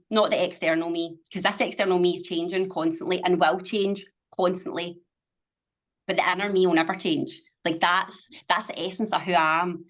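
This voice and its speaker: A middle-aged woman, a business owner, speaks as a podcast guest in a lowish, slightly bright voice. The conversation is casual, and she is emphatic and motivational, swearing freely.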